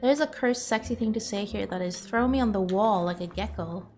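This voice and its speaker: A woman's voice: mid-range voice, brisk, darkish tone, faint music behind. A young woman streaming, chatting casually with viewers in a self-mocking, laughing way.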